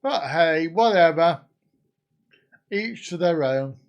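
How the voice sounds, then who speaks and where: A man's voice: on the high side, expressive, takes it slowly, dull audio. A man in his fifties from the UK, hosting a casual live stream and bantering crudely with his viewers. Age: 50s.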